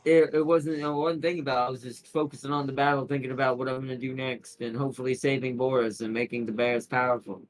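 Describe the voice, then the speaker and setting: A man's voice: medium pitch, level tone, quick pace, few pauses, poor audio. A man streaming a strategy game, rambling through casual commentary with frequent laughs and restarted sentences. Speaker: gaming streamer.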